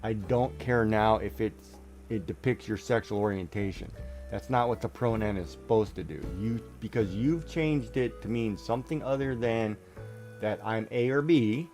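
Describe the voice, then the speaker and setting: A middle-aged man with a fairly low voice talks casually while he streams a game. He rambles, restarts and fills his sentences as he goes. Faint music plays behind him. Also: normal speed, darkish tone. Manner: rambling, many restarts and fillers. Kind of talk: casual chat while gaming.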